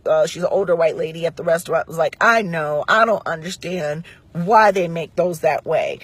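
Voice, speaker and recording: A woman's voice: lowish voice, darkish tone, slightly rough, dry recording. A middle-aged woman from Central Ohio telling a storytime rant, acting out the lines of each person in the story. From Central Ohio, United States. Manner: conversational storytelling acting out quoted dialogue. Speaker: vlogger.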